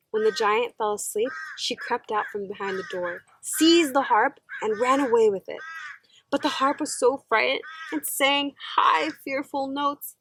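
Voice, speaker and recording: A woman teacher reading a children's story aloud, slow, gentle and expressive. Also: fairly high pitch, over music, poor audio.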